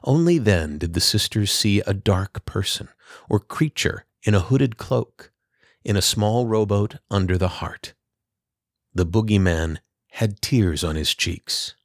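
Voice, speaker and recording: A man reading a children's storybook aloud in a slow, calm, measured way. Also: fairly low pitch, no echo, clean studio sound. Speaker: narrator.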